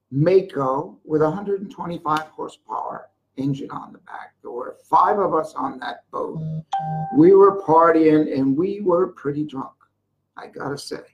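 An older speaker giving a motivational sales talk about a jewelry business, telling rambling stories with sudden loud bursts. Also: mid-range voice, rough recording. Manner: mocks whiners in a put-on voice.

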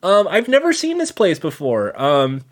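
Relaxed man reading off a menu. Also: high-pitched, moderate pace. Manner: reads menu items in a relaxed list, chuckling. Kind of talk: casual chat.

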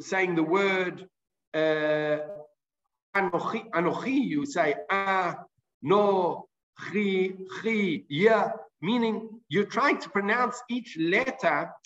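A man's voice: high-pitched, fairly bright tone, dull audio. A man teaching a Talmud class. He reads out Hebrew and Aramaic phrases and then explains each one in plain English.

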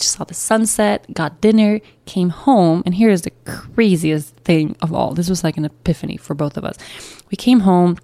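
A woman's voice: fairly low pitch, dark tone, dry recording. A young woman and new mother candidly telling a personal story in a chatty, emotional way. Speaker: podcast host.

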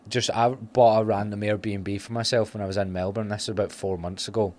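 A man's voice: lowish voice, flat delivery, a little fast, darkish tone. A Scottish man hosting a podcast, telling stories in casual chat, laughing often and swearing freely. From Scotland. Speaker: podcast host.

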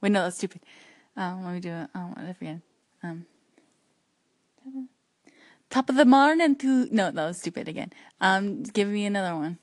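A woman in casual chat with her sister, speaking slowly and hesitantly and often trailing off with "um". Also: fairly low pitch, fairly even intonation, no room sound. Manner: hesitant, slow, soft-spoken.

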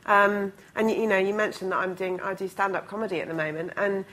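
Woman, mid pitch, comedian guest, thoughtful, hesitant starts, clean studio sound. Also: fairly even intonation, fast, fairly bright tone, rough recording. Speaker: stand-up comedian, panel guest. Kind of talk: studio panel discussion.

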